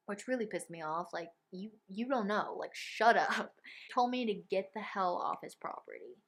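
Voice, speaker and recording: A young woman telling a personal story to camera in a casual vlog, with lots of filler words and animated retellings. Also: mid-range voice, moderate pace. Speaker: vlogger.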